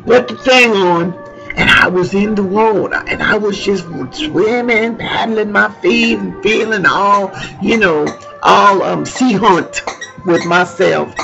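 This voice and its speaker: A woman's voice: mid-range voice, slow, creaky, a bit bright. A woman from tells a rambling personal story, laughing often and searching for words. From Louisiana. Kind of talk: personal anecdote told aloud. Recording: lo-fi recording with music behind.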